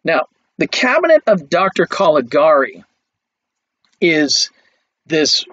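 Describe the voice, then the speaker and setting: A man's voice: fairly high pitch, wildly swooping pitch, slow, a bit bright, breathy edge, dry recording. Chatty male film lecturer, dull recording. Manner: conversational, with frequent fillers and restarts.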